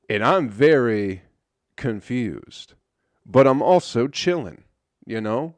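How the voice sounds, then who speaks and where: A man's voice: medium pitch, big pitch swings, a little slow, no room sound. A young man hosting a casual solo comedy podcast, telling a story in a loose, profane, friendly way. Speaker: podcast host.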